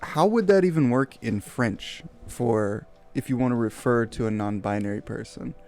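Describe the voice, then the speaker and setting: A man's voice: medium pitch, moderate pace, darkish tone, faint music behind. A man co-hosting a casual podcast chat, laid-back and asking questions. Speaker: podcast co-host.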